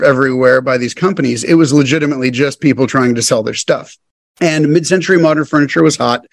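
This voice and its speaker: A man's voice: mid-range voice, dry recording. A man in his thirties, a podcast guest casually telling his business story and acting out the dialogue as he goes. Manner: animated storyteller who acts out quoted dialogue.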